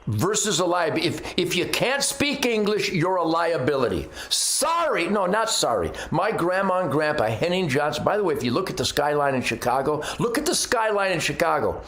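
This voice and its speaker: A man's voice: a little high, big pitch swings, a little fast, few pauses, fairly bright tone. A man giving a brash, combative, boastful opinion rant as host of his own commentary segment. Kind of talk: ranting opinion monologue. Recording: roomy echo.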